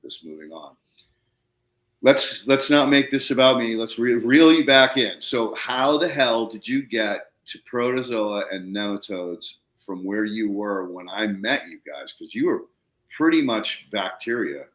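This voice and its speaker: A man's voice: on the low side, lively intonation, unhurried, fairly bright tone, roomy sound. A man hosting a podcast, telling a story in a casual, slangy way and acting out both sides of phone calls. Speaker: podcast host.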